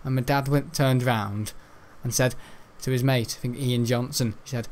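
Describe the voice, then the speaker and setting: A man's voice: mid-range voice, flat delivery, normal speed, a little mellow, a little hiss or hum. A young man telling a school story while gaming, laughing often and tripping over his words. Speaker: gaming streamer.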